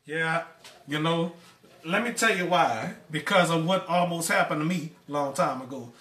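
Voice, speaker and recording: A man hosts a casual cooking live stream from his home kitchen, stammering and chatting with viewers. His voice is high and bright. He is a bit away from the mic in an echoey room. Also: moderate pace, distant mic. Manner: stammering, repeats words, addresses viewers as y'all. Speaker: cooking show host.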